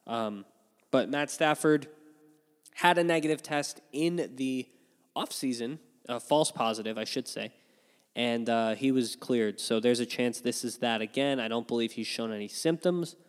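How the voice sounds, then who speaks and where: A man hosting a fantasy football show, giving casual, opinionated picks in an animated way, with frequent ums and yawns. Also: medium pitch, normal speed, clear, resonant tone, in a large hall. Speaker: fantasy football podcast host. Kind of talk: casual sports analysis chat.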